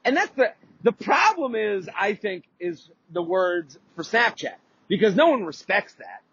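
A man with a high, husky voice rants through an anecdote on his podcast, swearing freely and often circling back to restart a thought. The sound is dry and a little dull, with no room around it. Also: very animated, measured pace, fairly bright tone, no room sound. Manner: rambling, profane, lots of restarts and fillers. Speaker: podcast host. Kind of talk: casual storytelling rant.

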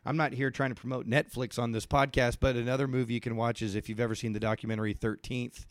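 A man's voice: medium pitch, little pitch movement, fast, dry recording. A young man hosts a podcast interview, earnest and reflective, choosing his words with care. His voice sits in an ordinary middle register. The recording is dry and close. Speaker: podcast host. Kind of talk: casual interview talk.

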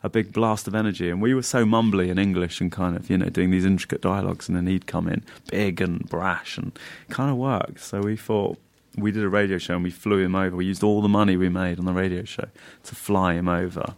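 A man, a comedian guest, telling lively anecdotes in casual chat, laughing often and mimicking other people's voices. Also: sits low, fairly quick.

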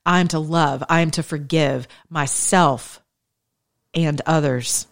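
A woman in her thirties giving an informal, conversational sermon with impassioned, shifting pace. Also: deep voice. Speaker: preacher.

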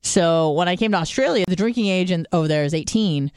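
A woman's voice: on the low side, a little fast, a little mellow, clean tone. A young American woman from San Diego chats as a podcast host, spinning stories and swearing freely. She mimics other people's voices as she goes. The sound is close and dry, with no room echo. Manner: chatty storytelling, swears a lot, mimics voices. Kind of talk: casual chat.

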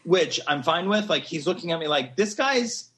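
A man on a podcast as a guest, telling an animated story in a rambling, excitable way and laughing often. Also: on the high side, fairly quick.

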